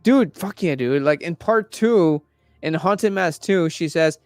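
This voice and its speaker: A young man in casual chat, rambling and swearing a lot while retelling a story with animated energy. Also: fairly high pitch, measured pace, no room sound, studio quality, soft background music. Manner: acts out quoted characters in raised voices. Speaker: podcast host.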